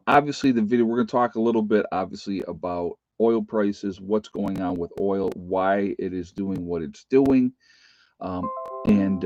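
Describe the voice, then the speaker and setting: Speaking from his rural home, this middle-aged livestream host has a deep, slightly mellow voice. His casual chat rambles along folksily with plenty of fillers, carried over dull lo-fi stream audio.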